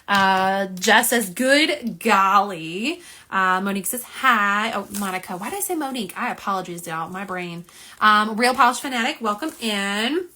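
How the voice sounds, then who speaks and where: A woman with a bright, forward voice hosts a casual live stream into her phone, chatting with viewers and reading their comments aloud as she goes. She is quick to laugh at her own slips and talks in a loose, friendly, rambling way. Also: medium pitch, expressive. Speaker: nail polish livestream host. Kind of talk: live unboxing and swatching stream. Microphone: phone camera, front and back.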